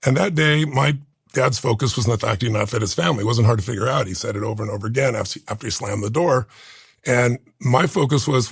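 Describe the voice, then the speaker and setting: A man in his sixties speaks earnestly in an interview, his voice gravelly and husky. He sounds close to the mic in a dry, dead room, with moments of deep feeling. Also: fast, dry recording. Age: 60s. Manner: earnest, heartfelt, tearful at times. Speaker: interview guest. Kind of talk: emotional storytelling.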